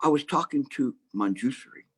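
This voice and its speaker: A man's voice: mid-range voice, expressive, normal speed, husky, voice pushed up. A man voicing a flustered, stern old Chan master who protests and scolds indignantly in a story told during a meditation talk.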